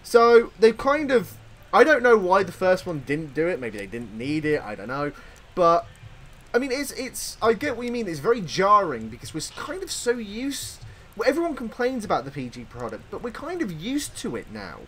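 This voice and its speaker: An English man hosting a casual podcast chat, giving blunt opinions in an animated way. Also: high voice, normal speed, slight background noise. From Britain. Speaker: podcast host.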